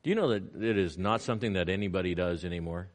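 A man preaching a sermon, animated, acting out little scenes in quoted voices. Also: fast talker. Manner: animated preaching with swings in pitch and loudness. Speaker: pastor.

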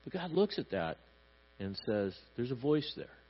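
A man preaches a sermon on a psalm in an animated way, slipping into brief acted voices to make his points. His voice sits at an ordinary middle pitch. The recording is dull and carries a faint mains hum. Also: a little slow. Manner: animated, acts out little voices for God and parents. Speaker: pastor.

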